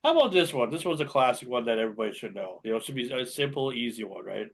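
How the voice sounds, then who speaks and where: A man hosting a casual local radio show, chuckling often and reading tongue twisters out slowly. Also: mid-range voice, animated, gravelly, slightly rough.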